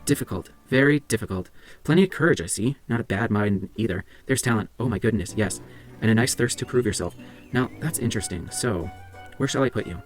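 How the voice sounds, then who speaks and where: A man's voice: fairly low pitch, brisk, faint music behind, close to an everyday voice. A man reading the part of an old magic talking hat, wise and teasing, reciting rhymes in a sing-song way. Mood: musing.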